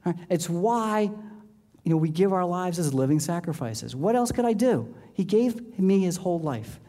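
A man preaches a sermon with a warm, mellow, fairly high voice. He keeps it conversational, often checking in with "okay?" and "right?" and laughing between points. The sound carries a long reverb, as if it were in a church hall. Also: a little slow. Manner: laughs between points, lively swings in pitch. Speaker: pastor.

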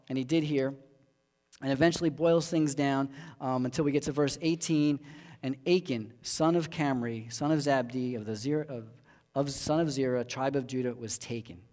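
A man's voice: medium pitch, darkish tone, big-room sound. A man preaching a sermon, reading scripture aloud and talking it through conversationally, often checking in with his listeners.

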